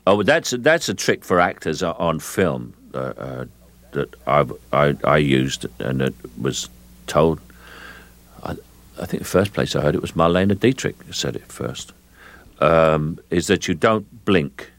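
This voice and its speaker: Older english guy, very deep voice, slow and measured, dry close mic. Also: expressive, a bit bright, dry recording. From England. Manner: measured, slow, repeats words while thinking. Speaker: actor, interview guest. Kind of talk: radio interview.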